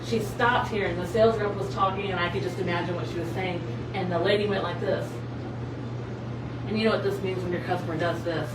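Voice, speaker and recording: A woman's voice: lowish voice, brisk. A woman walking through a showroom and chatting enthusiastically about product details, gushing over the things she likes. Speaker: showroom presenter. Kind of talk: casual product walkthrough. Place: large indoor showroom with customers. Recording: echoey room from far off, background noise.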